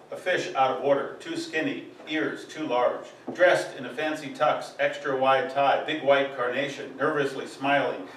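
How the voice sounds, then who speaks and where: This male poet's voice sits at medium pitch as he performs at a live reading, his emphatic rhythm carrying him through long lists. The capture comes from a distant mic in an echoey room, with faint ambience and slight background noise.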